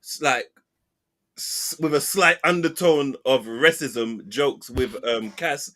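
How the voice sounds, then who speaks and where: A man's voice: mid-range voice, takes it slowly, sharp tone. A man, co-hosting a casual football chat, joking and laughing often. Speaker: podcast co-host.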